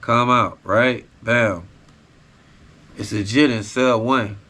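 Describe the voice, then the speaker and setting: A man's voice: mid-range voice, steady tone, takes it slowly, sharp tone. A man hosting a podcast, telling a personal story in a raw, profane, casual street style. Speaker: podcast host.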